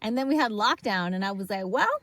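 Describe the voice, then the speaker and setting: A woman guest on a podcast, telling her story in a casual, animated way, acting out the people she quotes and laughing often. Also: medium pitch, quick pace.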